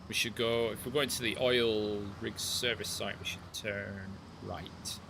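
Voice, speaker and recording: A man's voice: on the low side, steady tone, measured pace, gravelly, background noise. A man chatting in rambling asides as he plays a game on a live stream. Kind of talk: live gameplay commentary.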